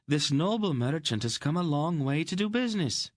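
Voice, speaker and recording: A man voicing a shrill, greedy young farmer's daughter who whines and pleads with her father in an audiobook. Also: animated, normal speed, dry recording, clean studio sound, natural voice. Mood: pleading. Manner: whining, pleading.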